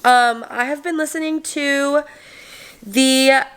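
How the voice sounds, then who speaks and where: A woman's voice: high-pitched, slow pace, background noise. Chatty young woman book vlogger. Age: 20s. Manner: chatty and rambling, full of "like" and "literally". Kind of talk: casual vlog chat.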